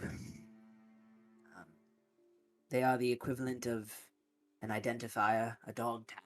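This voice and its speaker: A man narrating as game master of a tabletop game, often pausing with ums, with faint music behind. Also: medium pitch, steady tone. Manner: hesitant, many ums.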